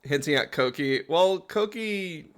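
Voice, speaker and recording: A man's voice: fairly high pitch, animated, unhurried, a bit bright. A man giving casual, rambling commentary while playing a game, often laughing.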